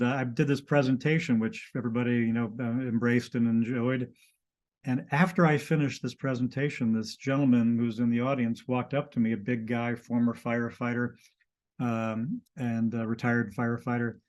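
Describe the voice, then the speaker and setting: Guest storyteller, man, mid-range pitch, halting and full of restarts. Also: a little mellow, dull audio. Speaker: guest telling a personal story. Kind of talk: casual conversation.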